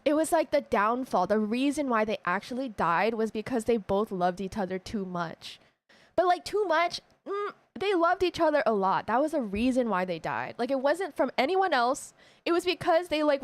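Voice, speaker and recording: A woman streamer casually retelling a story to her viewers, animated and emotional, often laughing. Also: high voice, no echo.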